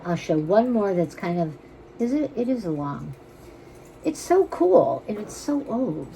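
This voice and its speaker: A woman with a mid-range, slightly mellow voice chats casually while showing jewelry and its prices for sale during a live sales session from her cluttered home room. She rambles and fills her talk with "like." The recording is low quality, with slight background noise.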